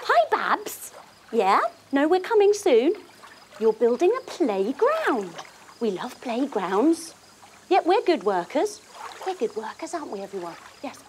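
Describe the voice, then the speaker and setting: A woman's voice: high-pitched, big pitch swings, unhurried, darkish tone, slight background noise. Playful singsong woman teaching kids yoga. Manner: playful, singsong, lots of sound effects and cues. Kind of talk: guided kids yoga story.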